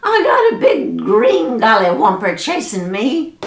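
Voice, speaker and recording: Frantic hollering old granny, put on by a woman storyteller, high voice, roomy sound. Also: wildly swooping pitch, unhurried, exaggerated voice. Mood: panicked. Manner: hollering, panicked. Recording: echoey room.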